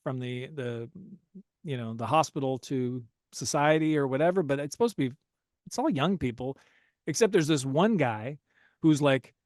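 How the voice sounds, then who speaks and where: A man's voice: medium pitch, animated, normal speed, darkish tone, no room sound, clean studio sound. A man hosting a casual movie-recap podcast, telling the story with lots of energy and frequent laughter. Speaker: podcast host.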